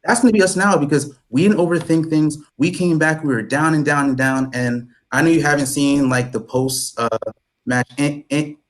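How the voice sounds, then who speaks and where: A man's voice: fairly high pitch, moderate pace, rough recording. A man in his twenties, a guest on a casual fan chat, talking enthusiastically with lots of "like" and some swearing. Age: 20s.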